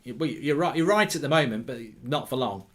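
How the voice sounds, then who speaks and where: A man's voice: medium pitch, lively intonation, a little fast, a bit bright. A man hosting a live football watchalong, calling the action, cheering goals and reading viewer comments aloud in casual chat. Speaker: watchalong host.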